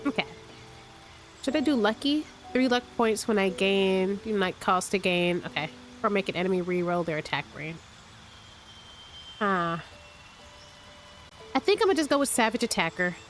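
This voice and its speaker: A woman with a cold, a bit stuffy and raspy, thinking aloud as she hosts casual gameplay commentary from her room at home. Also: mid-range voice, lively intonation, normal speed, long pauses, faint music behind. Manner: thinks aloud, rambling with restarts. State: sick, stuffy and a little raspy. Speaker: let's play host.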